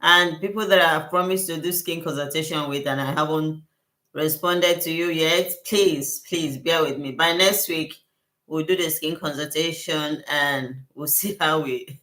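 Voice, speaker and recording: A woman's voice: low-pitched, unhurried, pushed and bright. A woman who works as a skincare consultant, hosting a casual livestream Q&A with viewers. She talks effusively, repeats herself and thanks her viewers often. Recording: roomy echo.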